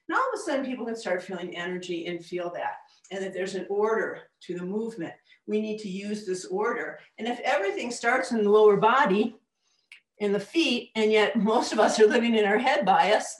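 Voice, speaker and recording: A woman leads a live workshop, energetic and demonstrative as she talks a group through exercises. Her voice sits in a middle range. It comes from a distance and carries a roomy echo. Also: medium pitch. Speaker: workshop presenter and coach. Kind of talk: live presentation with audience exercises. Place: presentation room with a group. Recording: echoey room, mic far off.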